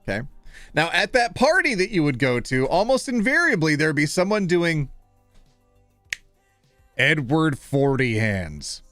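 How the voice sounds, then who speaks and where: A man's voice: a little high, sing-song, measured pace, pauses often, bright, forceful tone, no echo, faint music behind. A man in his thirties hosting a live stream, playful and self-deprecating, fumbling over names and joking with chat. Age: 30s.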